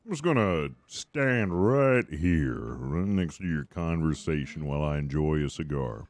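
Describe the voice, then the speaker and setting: A man's voice: very deep voice, expressive, measured pace, a little mellow, pitched below the performer's own voice. A man playing a stubborn old sheriff in western roleplay, curt and official. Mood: stern. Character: stubborn old frontier sheriff, gruff and stern.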